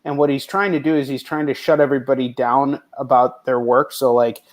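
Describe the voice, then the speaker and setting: A man's voice: mid-range voice, fairly even intonation, a little fast. A man hosting a casual interview, talking animatedly, laughing easily and repeating words as he starts sentences. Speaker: podcast host.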